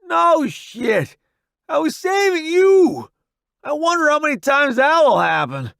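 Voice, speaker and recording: A man's voice: extremely high pitch, very animated, measured pace, vocal fry, a bit bright, no echo, clean studio sound, pitched above the performer's own voice, full character voice. A man voicing a brash, reckless male soldier who hollers and jokes under fire, in an audiobook. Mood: rowdy. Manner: hollering, cocky. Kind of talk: audiobook character voice.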